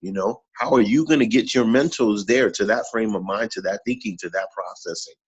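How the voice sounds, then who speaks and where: Low, husky man giving motivational talk. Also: brisk, lo-fi sound. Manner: earnest, repetitive, preachy. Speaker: morning show regular.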